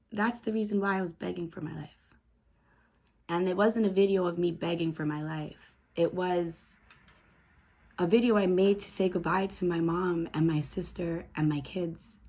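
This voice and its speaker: Woman vlogger, personal story, halting delivery, fillers, low hushed voice at times. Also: steady tone, breathy edge. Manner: halting, repetitive, many "like" fillers.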